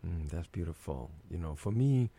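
A man in casual conversation, an animated storyteller who acts out his own inner thoughts aloud. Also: low-pitched, normal speed, husky.

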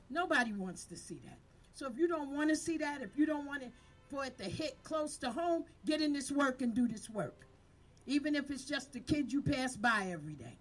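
A woman's voice: sits high, a bit bright. Fired-up woman preaching to her team. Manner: fiery, preaching, call-and-response. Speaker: community violence-prevention leader. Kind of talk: impassioned speech to a team. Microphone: handheld microphone.

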